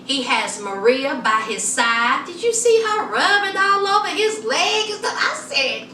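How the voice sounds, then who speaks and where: A woman retells a reality show with a sassy drawl. Her voice sits very high and swings widely, bright and slow-paced. The sound is roomy and distant, with a faint hiss behind it. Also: big pitch swings. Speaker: reality TV recap vlogger. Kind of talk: casual sassy TV recap.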